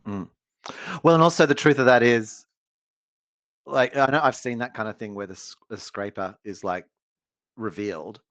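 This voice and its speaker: A man's voice: mid-range voice, moderate pace, long pauses, no echo. A man co-hosting a casual chat show, telling rambling stories and laughing often. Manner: rambling, laughing, animated storytelling. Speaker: podcast co-host.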